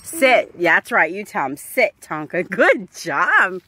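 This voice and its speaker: A woman's voice: lowish voice, very animated, slow, pushed and bright, a little hiss or hum. A woman filming at home on a handheld phone, talking baby-talk to her dogs and a small child in a cooing, coaxing voice. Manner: cooing, sing-song, coaxing. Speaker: dog owner filming her pets.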